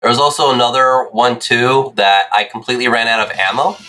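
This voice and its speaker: A young man streaming a game, telling rambling, excitable stories in casual chat and checking in with "right?". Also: medium pitch, fairly quick, faint music behind. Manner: excitable, swears.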